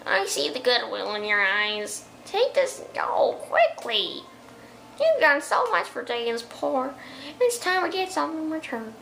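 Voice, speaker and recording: Kindly old village woman in a game, done by a woman, slow and warm-hearted. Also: sits high, sing-song, vocal fry, slight background noise, heavily acted.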